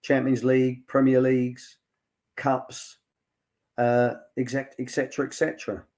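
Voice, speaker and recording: A man's voice: mid-range voice, completely flat delivery, measured pace, a little mellow. An older man, a former football academy director, chatting as a guest and retelling stories with many fillers and repeated "he said.". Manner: chatty storyteller, lots of "he said" and fillers. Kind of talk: anecdotal casual chat.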